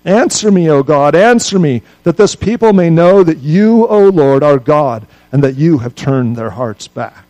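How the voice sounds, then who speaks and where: A man's voice: fairly high pitch, animated, a little slow, hardly any pauses, dark tone, rough recording. A man voicing a defiant male prophet in a Bible reading, declaiming with emphasis. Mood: pleading. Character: bold defiant male prophet, mocking rivals.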